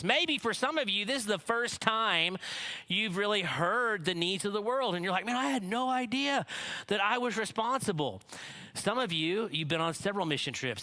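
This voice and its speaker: A man's voice: sits high, bright, forceful tone. A man preaching at a missions conference, telling a family story and acting out its quotes. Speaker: conference speaker. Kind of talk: sermon.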